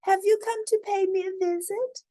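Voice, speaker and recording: A woman voicing a sneaky male villain in a grandmother disguise, speaking in a high, funny squeak. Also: fairly even intonation, normal speed, dark tone. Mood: sly.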